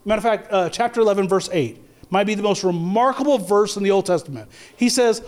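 A man's voice: high-pitched, fairly quick, darkish tone. A man preaching a sermon in a conversational way, with stumbles and restarts, rising to emphatic peaks. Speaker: pastor.

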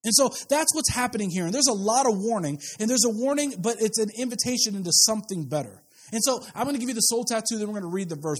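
A middle-aged man preaching a sermon in a church, talking to the congregation and often repeating words as he restarts. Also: high-pitched. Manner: conversational preaching, frequent word repeats and restarts. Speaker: pastor. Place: church sanctuary with pews.

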